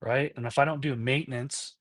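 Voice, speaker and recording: A man's voice: medium pitch, steady tone, brisk, no room sound, studio quality. Earnest man telling a hard story. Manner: earnest, keeps checking in with "right?" and "you know?"; acts out past conversations in quoted voices. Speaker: podcast guest. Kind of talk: candid personal storytelling.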